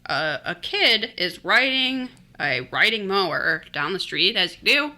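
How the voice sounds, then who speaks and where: A woman co-hosting a podcast, casually retelling a mystery story in an animated, joking way. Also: mid-range voice, a little slow. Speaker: podcast co-host.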